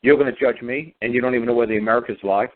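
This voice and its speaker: A man's voice: medium pitch, fairly even intonation, racing. A man speaking as a guest on a call-in talk show, ranting emphatically and repeating himself. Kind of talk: casual phone-in talk. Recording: tinny phone line.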